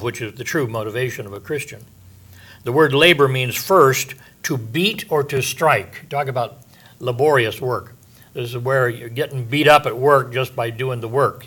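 An older man preaching a Bible-teaching sermon as a pastor, conversational and folksy, with homey asides, frequent fillers, and drawn-out stresses on key words. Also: mid-range voice, a bit bright.

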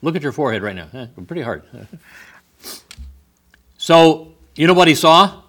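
A man's voice: fairly high pitch, lively intonation, moderate pace, fairly bright tone. A man preaching a sermon who reads scripture aloud and comments on it with wry humor.

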